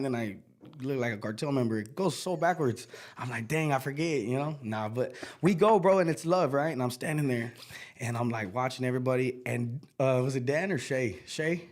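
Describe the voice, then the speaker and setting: A middle-aged man, a country singer, telling stories in a casual interview, slangy and animated, acting out the voices of people he quotes. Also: medium pitch.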